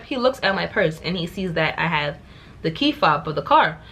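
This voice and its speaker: Animated young New woman telling a story. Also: on the low side, normal speed, breathy edge. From New York. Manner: animated, exasperated, repeats words for emphasis. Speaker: vlogger. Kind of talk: casual storytime.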